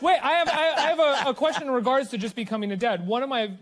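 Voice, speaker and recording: Fast-talking high-voiced interviewer man. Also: lively intonation, over a noisy crowd, heavy background noise. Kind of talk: casual interview chat.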